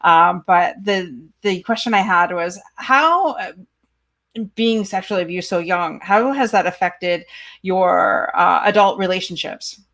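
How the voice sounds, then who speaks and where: A woman's voice: fairly low pitch, measured pace, a bit bright. Chatty Canadian woman hosting. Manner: chatty, apologetic, many filler "uh"s. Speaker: host. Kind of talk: casual interview hosting.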